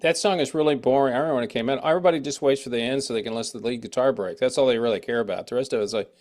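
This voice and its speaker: Middle-aged man, interview host, rambling anecdotes, restarts, mid pitch. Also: rapid-fire, a little mellow. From United States. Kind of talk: casual interview chat.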